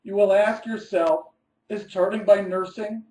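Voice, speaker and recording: A man's voice: high-pitched, fairly even intonation, unhurried, dark tone, roomy sound, rough recording. A man, an architect, giving a scripted webinar presentation, reading methodically through numbered steps and stressing key words.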